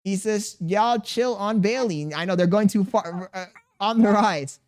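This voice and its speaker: A man's voice: high-pitched, unhurried, a little mellow. A man livestreaming in casual chat, reading his viewers' messages aloud and muttering to himself in an exasperated, profane way.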